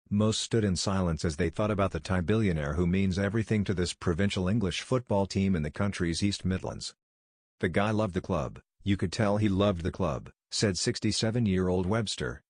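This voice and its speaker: A man reading a scripted news report in a measured, solemn way. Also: deep voice, dry recording, studio quality. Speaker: news narrator.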